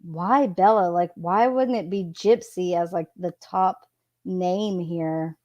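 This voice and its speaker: A woman reading text messages aloud and adding casual commentary, in an unhurried, plain delivery. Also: on the low side, a little mellow, lo-fi sound. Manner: unhurried, reads quotes in a plain voice. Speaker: true crime commentator.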